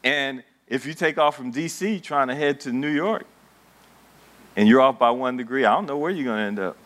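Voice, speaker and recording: A man's voice: medium pitch, normal speed, fairly bright tone. A man preaching a sermon to a congregation, building emphasis and asking the room questions. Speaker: pastor. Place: church in front of a congregation.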